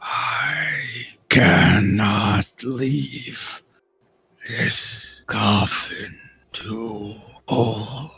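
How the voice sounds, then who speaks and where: A man voicing an ancient creature sealed in a coffin, speaking in slow, halting, menacing words. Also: fairly low pitch, vocal fry, pushed and bright, breathy edge, dry recording, exaggerated voice.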